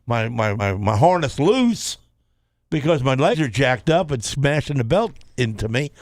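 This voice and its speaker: A man's voice: medium pitch, measured pace, no room sound, studio quality. Rambling man telling a story. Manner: rambling, animated storyteller with repeated restarts. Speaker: radio show co-host. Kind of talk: casual storytelling on radio talk show.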